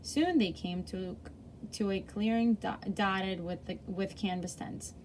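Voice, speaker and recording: A woman's voice: medium pitch, steady tone, a little slow, a little mellow, a little hiss or hum. A woman reading a chapter book aloud to children in a friendly way, with small slips and self-corrections.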